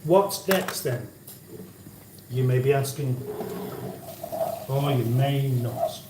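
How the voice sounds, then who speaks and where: This man hosts a cooking livestream in his own kitchen, trading dry banter as he reads out viewer comments in a casual chat. He speaks slowly in a mid-range voice over a noisy background, and the audio has the roomy, distant sound of a kitchen.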